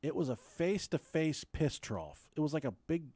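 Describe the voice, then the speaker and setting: A man's voice: a little high, big pitch swings, normal speed, dark tone, slightly rough, dry recording. A man co-hosting a podcast, telling a crude childhood story in a rambling, casual way and laughing as he goes. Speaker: podcast co-host.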